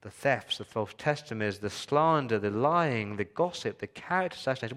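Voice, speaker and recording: A man preaching a sermon as pastor, talking to the congregation with rhetorical questions and swinging from loud emphasis to hushed, quiet lines. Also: medium pitch, animated, fairly quick, few pauses.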